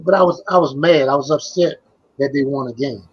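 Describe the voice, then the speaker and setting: A former basketball player, an older man with a brisk, husky, mid-range voice, tells stories in a casual interview. He rambles, repeats phrases, and trails off, and the audio has its highs cut off.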